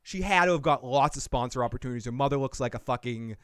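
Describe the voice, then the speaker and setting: A man's voice: medium pitch, fast, a bit bright, no echo, clean studio sound. A man hosting a casual TV recap chat, ranting with lots of swearing and acting out characters' lines. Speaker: podcast host reviewing a TV show.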